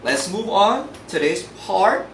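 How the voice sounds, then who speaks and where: A Filipino-accented man gives a pronunciation lesson at an unhurried pace, spelling out letters before saying each word. His fairly high voice sits back from the mic in an echoey room. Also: big pitch swings, a bit bright. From Philippines. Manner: spells words letter by letter and repeats model pronunciations. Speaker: English pronunciation teacher. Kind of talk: recorded tutorial lesson. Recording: roomy, distant mic with faint noise.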